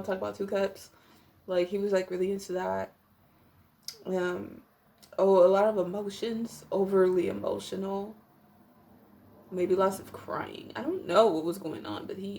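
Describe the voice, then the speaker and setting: A woman's voice: medium pitch, vocal fry, a little mellow. A young woman giving a casual tarot reading to camera at home, rambling with many fillers and apologetic asides. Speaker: tarot reader.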